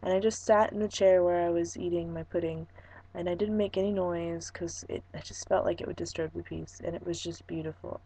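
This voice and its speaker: A young woman from California, hoarse from losing her voice, rambling through a casual vlog with lots of ums and restarts. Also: on the low side, fairly even intonation, fairly quick, mellow, low-quality recording. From Fresno, California. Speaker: vlogger.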